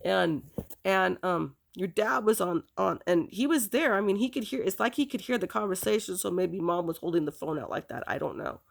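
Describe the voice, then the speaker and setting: A woman recounting a painful episode from her past in a halting, emotional, casual way. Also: mid-range voice, animated, creaky. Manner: halting, full of restarts and "you know" fillers. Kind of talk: casual spoken recollection.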